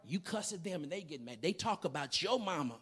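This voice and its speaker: A husky-voiced preacher in their forties delivers a sermon with hooping. The pitch rises and falls in lively swings, the words tumble out in repeats, and the talk builds from soft asides to shouting. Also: brisk. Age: 40s.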